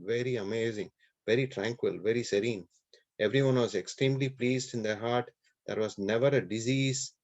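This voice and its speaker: Male preacher, conversational scripture storytelling, rhetorical questions, mid-pitched, dull lo-fi sound. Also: darkish tone. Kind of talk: sermon storytelling. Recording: dull lo-fi recording.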